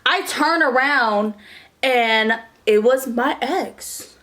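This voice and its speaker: Animated young woman vlogger telling a story. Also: a little high, very slow. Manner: animated, swearing, lots of "like". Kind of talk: casual storytime.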